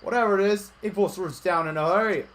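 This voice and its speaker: A man voicing a folksy male alien tree keeper from a game, in a raised, loud homespun drawl. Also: high voice, quick pace, voice pushed up.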